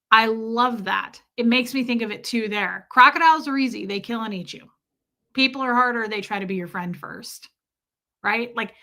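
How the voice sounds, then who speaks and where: A woman with a bright, clear voice pitched a touch high talks casually on a live stream, reading and answering viewer comments. She is chatty and reflective, drawing out the phrases she wants to stress. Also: moderate pace. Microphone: streaming mic.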